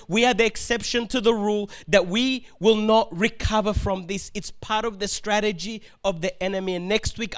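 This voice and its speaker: A man preaching a sermon as pastor, animated and laughing often as he acts out the complaints of the figures he talks about. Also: sits high.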